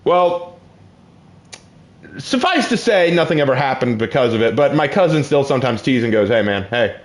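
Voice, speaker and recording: A young man casually telling personal stories while playing a game, with excited outbursts. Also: fairly high pitch, moderate pace. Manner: lively, shifts from calm to excited outbursts. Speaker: gaming channel host.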